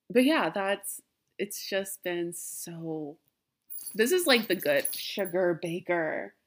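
A woman's voice: fairly low pitch, sing-song, slow. A young woman hosting a podcast from her den at home, talking casually and emotionally in a rambling way with frequent laughs. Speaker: podcast host. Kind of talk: casual heartfelt farewell talk. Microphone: laptop.

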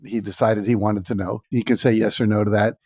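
A man's voice: fairly low pitch, flat delivery, fairly quick, a little mellow, slightly rough, no room sound, clean studio sound. A man hosting a podcast interview, asking questions with enthusiasm and retelling stories. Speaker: podcast host. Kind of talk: conversational interview.

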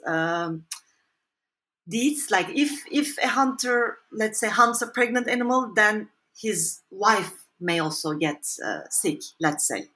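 A woman's voice: medium pitch, sharp tone. Hesitant, thoughtful woman researcher. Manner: thoughtful, hesitant, many fillers and restarts. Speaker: author and researcher guest. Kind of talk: conversational interview answer.

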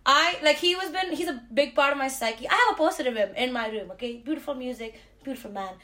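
Young woman, high-pitched, sarcastic, animated, podcast host, casual chat. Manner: animated, sarcastic, quick asides. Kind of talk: casual pop-culture chat.

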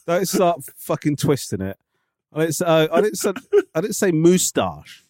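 A man's voice: a little high, lively intonation, moderate pace, a little mellow, dry recording, studio quality. A man co-hosting a podcast, chatting casually, indignant and swearing freely. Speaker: podcast co-host. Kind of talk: casual chat.

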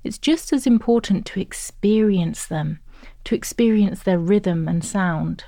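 A woman narrating an educational course in a clear, even, instructive scripted read. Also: mid-range voice, unhurried, no room sound, clean studio sound.

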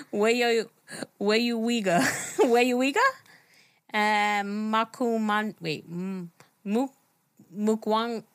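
A woman's voice: a little high, takes it slowly, no echo, clean studio sound. A woman co-hosting a casual chat show, laughing often and swearing freely. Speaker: co-host.

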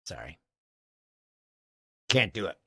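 A man in his forties hosting a podcast in casual chat, animated and jokey, laughing often. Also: deep voice, takes it slowly, breathy edge, no room sound. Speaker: podcast host.

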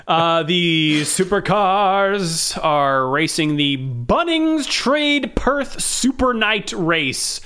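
A man's voice: sits high, sing-song, extremely slow, pushed and bright, clear, resonant tone. A man co-hosting a podcast in casual chat, jokingly reading out race listings and stumbling over names. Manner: jokey, reads out race listings and fumbles names. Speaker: podcast co-host.

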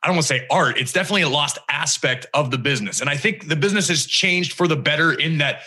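A man's voice: a little high, fast talker, bright, forceful tone. A man hosting a casual talk show, earnest and rambling, often trailing off mid-sentence. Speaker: host. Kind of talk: casual chat.

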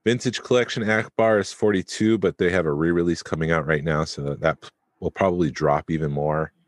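A man's voice: low-pitched, fairly even intonation, brisk, no echo, clean studio sound. A man co-hosting a podcast, chatting casually and thinking aloud with fillers. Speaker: podcast co-host.

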